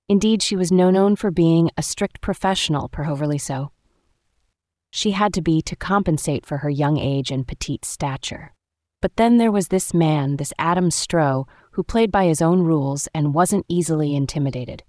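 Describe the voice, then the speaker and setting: A woman reads a story aloud in a steady, even audiobook manner. Her voice is low, and the recording is dry and close to the mic. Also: moderate pace, dry recording. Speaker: narrator. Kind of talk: audiobook narration.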